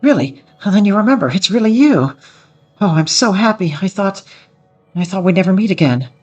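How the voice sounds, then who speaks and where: A man's voice: mid-range voice, normal speed, breathy edge, faint music behind, close to an everyday voice. A man voicing an earnest young female noble swordswoman of the plains, reading game dialogue aloud in a heartfelt, eager manner. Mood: joyful, tearful.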